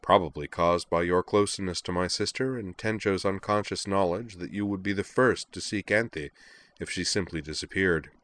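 Brief: deep male reader as a cold, commanding chairman, measured and flat, storybook reading. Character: cool, commanding young man, school chairman. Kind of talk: audiobook reading of fan fiction.

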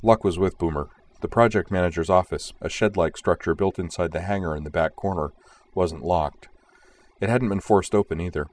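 A man narrating a story in a steady, measured audiobook reading. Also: low-pitched.

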